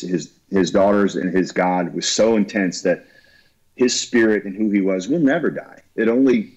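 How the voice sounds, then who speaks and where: Guy talking slow and heartfelt, husky, kinda muffled audio. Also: lowish voice, a little mellow. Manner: earnest, halting, emotional. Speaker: guest musician. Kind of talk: heartfelt interview talk.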